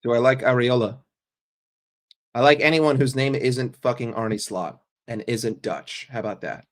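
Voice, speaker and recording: A football fan hosts a casual stream, answering his chat in a sarcastic, foul-mouthed rant. His voice sits at an ordinary middle pitch for a man, and he talks with blunt conviction. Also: moderate pace. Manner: profane, sarcastic, argumentative.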